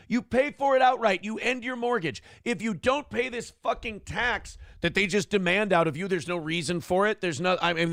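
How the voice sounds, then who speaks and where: Brief: male talk-show host, high for a man, gravelly texture, profane ranting delivery, dry studio sound. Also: a bit bright, dry recording. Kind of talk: casual talk show banter.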